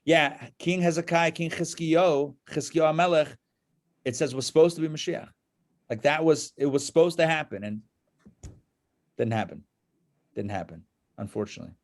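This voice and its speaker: A rabbi leads a live evening class, telling a parable with acted-out voices and asking listeners if they follow. His voice sits a little high for a man. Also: moderate pace. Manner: conversational, checks in with listeners. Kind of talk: live lecture with storytelling.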